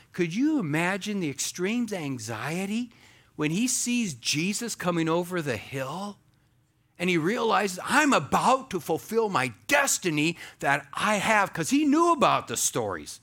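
A man with a voice on the high side preaches animatedly as a pastor, alternating between loud exclamations and hushed asides.

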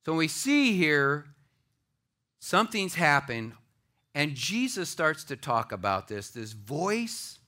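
Animated, bright-voiced male preacher. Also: fairly high pitch, takes it slowly. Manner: dramatic preaching that swings from loud to hushed. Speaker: pastor. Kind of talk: sermon. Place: church with a live audience.

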